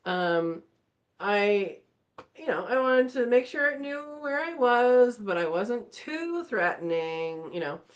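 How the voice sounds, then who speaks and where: A woman hosting a live chat, telling a story in a casual, animated way and acting out the voices. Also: medium pitch, takes it slowly, muffled recording. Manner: animated, acts out voices in her stories. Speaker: channel host.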